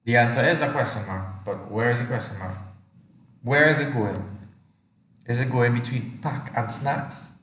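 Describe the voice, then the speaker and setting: A man's voice: mid-range voice, moderate pace, fairly bright tone, slight background noise. A male teacher running an online exam revision class, asking students many questions and reading sentences aloud to show intonation. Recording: echoey room, distant mic.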